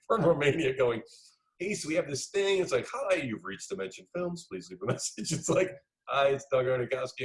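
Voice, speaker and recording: A middle-aged man, a film director being interviewed, telling lively anecdotes and acting out the dialogue he quotes. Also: mid-range voice, low-quality recording. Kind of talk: casual interview storytelling.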